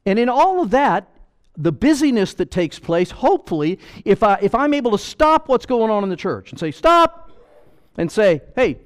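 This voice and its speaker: Animated, high-pitched preacher. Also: male voice, fairly quick. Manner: pleading, emphatic, rhetorical questions. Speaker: pastor. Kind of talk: sermon.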